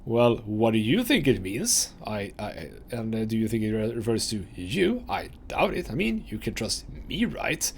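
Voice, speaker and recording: Gravelly man chatting through a game. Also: fairly low pitch, sing-song, moderate pace, few pauses, a little hiss or hum. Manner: chatty, reads game text aloud with fillers. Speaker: let's play host. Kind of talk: casual game commentary and reading aloud.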